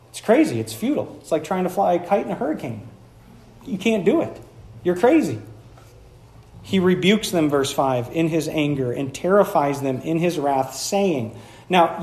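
A man in his thirties preaches in a high, bright voice, talking to the congregation in a casual, lively way. He slips into acted-out voices to make his points. The sound has the roomy echo of a church hall. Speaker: pastor. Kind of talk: sermon.

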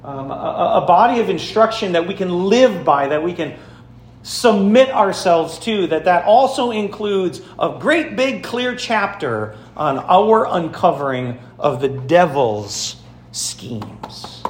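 A man pastor giving a sermon, telling stories and speaking straight to his congregation with emphatic, lively delivery. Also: high voice, slow, reverberant. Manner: storytelling, emphatic, addresses congregation directly. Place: church sanctuary.

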